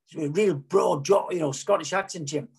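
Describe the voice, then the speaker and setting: A man's voice: a little high, normal speed, vocal fry, a little mellow, breathy edge. A middle-aged man, a former footballer, frankly telling rambling anecdotes in an interview, often correcting himself and repeating words. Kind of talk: candid anecdotal storytelling.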